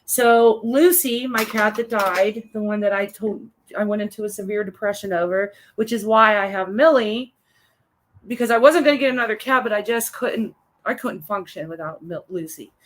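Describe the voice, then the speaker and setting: A middle-aged woman chatting casually as co-host, telling animated stories about her home and family. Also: medium pitch, normal speed. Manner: chatty, animated storyteller acting out her daughter. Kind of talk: casual chat.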